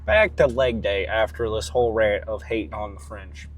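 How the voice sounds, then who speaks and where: A man's voice: fairly low pitch, moderate pace, slight background noise. A man talking casually in a vlog, rambling and swearing freely as he rants and muses about his workouts. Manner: profane, rambling and animated. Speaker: fitness vlogger.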